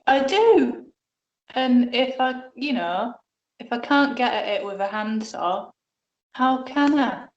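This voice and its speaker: A woman performing deadpan comic dialogue in a sketch. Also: on the high side, slow. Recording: roomy, dull sound.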